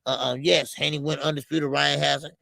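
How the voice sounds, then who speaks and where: Gravelly man rambling on a live show. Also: fairly high pitch, level tone, normal speed, pushed and bright, no echo. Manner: rambling, many fillers, reads out super chats. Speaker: boxing show host. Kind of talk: casual live-stream chat.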